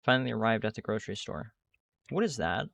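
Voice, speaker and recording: A man's voice: fairly low pitch, expressive, fast, creaky, fairly bright tone. A young man casually commenting on the game he is playing, rambling with lots of asides and fillers to his chat. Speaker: gaming streamer.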